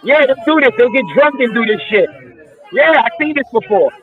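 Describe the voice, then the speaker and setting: A man hosting a football watchalong, telling animated stories with plenty of swearing. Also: extremely high pitch, fairly quick, narrow, tinny audio, a crowd in the background. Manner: animated storytelling, heavy swearing, acts out quotes. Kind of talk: casual watchalong chat.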